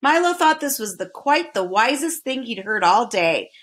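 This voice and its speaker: A woman reading a children's chapter book aloud, with expressive narration. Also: on the high side, moderate pace. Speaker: reader. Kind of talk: storybook read-aloud.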